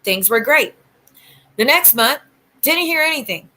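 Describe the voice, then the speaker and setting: Woman streamer, bright, a bit high, venting her side of a feud, casual. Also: animated, a little slow, poor audio. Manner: aggrieved, rambling storytelling with quoted exchanges. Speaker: YouTube livestream host. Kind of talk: casual ranting livestream talk.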